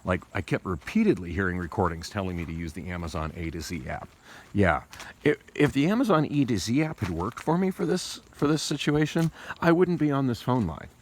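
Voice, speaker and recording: A male vlogger rambles casually into his phone camera, restarting often and wandering off on tangents while talking through tooth pain. His voice is fairly low and sing-song, and he speaks a little fast.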